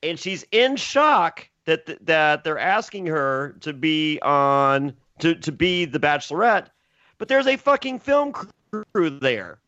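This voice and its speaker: A man's voice: fairly high pitch, sing-song, takes it slowly, bright, forceful tone, no echo, lo-fi sound. A man co-hosting a podcast, bantering casually with jokes and profanity and often acting out quotes. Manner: joking, acts out quotes, laughs often. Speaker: podcast co-host.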